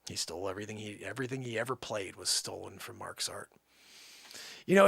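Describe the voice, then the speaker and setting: A man hosting a livestream, telling a rambling comic story and swinging from low mutters to loud outbursts. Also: vocal fry, dry recording. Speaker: livestream host.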